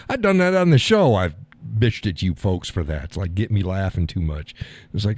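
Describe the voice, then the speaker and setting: A man's voice: deep voice, very animated, moderate pace, darkish tone, dry recording. A man hosting a live stream, chatting in a rambling, blunt way and laughing often as he talks. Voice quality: swears casually. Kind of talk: casual monologue chat. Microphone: audio call setup.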